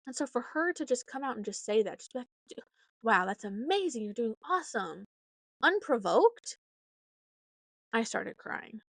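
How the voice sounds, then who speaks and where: A woman's voice: fairly high pitch, gravelly, no echo. A young adult woman hosting a casual solo podcast, talking in a chatty, heartfelt way with many fillers. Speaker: podcast host.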